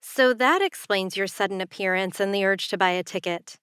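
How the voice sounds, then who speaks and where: A woman reading the part of a young woman who works a tour booth, with quick, slightly breathless replies. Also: medium pitch, a bit bright, smooth, no room sound, studio quality, lightly acted. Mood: teasing. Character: young Canadian woman working a tour booth, flustered yet teasing.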